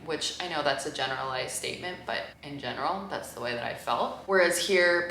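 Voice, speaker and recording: A woman's voice: sits low, fairly bright tone, slight background noise. A woman vlogging in a chatty, casual way, telling stories with lots of fillers and laughing along. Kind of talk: casual vlog storytelling. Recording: roomy echo.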